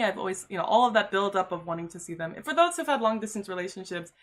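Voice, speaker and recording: Chatty and quick, this woman streamer recounts something personal in a casual way, leaning heavily on fillers like "like" and "you know." Her mid-range voice has lively intonation and a fairly bright tone.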